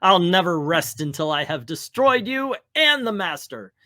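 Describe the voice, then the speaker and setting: A man's voice: high-pitched, sing-song, normal speed, no room sound, pitched above the performer's own voice, heavily acted. Gloating sorcerer villain, theatrical and dry-sounding, voiced by a man. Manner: loud theatrical reading voice.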